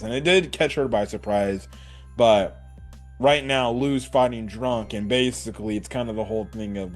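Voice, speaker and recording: A man's voice: fairly low pitch, a little mellow. A young man reviewing an anime episode in casual chat. He swears freely, laughs often, and acts out quotes from the characters. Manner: loose and profane, with frequent laughs and acted-out quotes.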